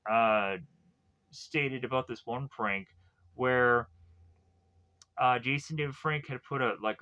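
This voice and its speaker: A man talks through a TV series review, wandering and circling back with frequent fillers. His voice is bright and forward, captured on a tablet with a dull, lo-fi sound. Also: medium pitch. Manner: meandering, heavy use of fillers and restarts. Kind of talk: rambling casual review. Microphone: tablet recording.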